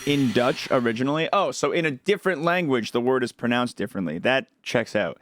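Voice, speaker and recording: A man streaming a video game, chatting casually and joking in animated little rants. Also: medium pitch, fairly quick, hardly any pauses, dry recording, clean studio sound. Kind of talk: casual gameplay chat. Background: game music.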